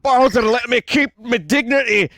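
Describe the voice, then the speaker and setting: A man voicing a blustering, burly, bearded male brute fighter in a put-on mix of Irish, Scottish and English accents, with a gravelly, boastful manner. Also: very high-pitched, normal speed, fairly bright tone, a little hiss or hum, voice pushed up. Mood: mock shame. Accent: mock Irish-Scottish-English mix. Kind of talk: reading game dialogue aloud.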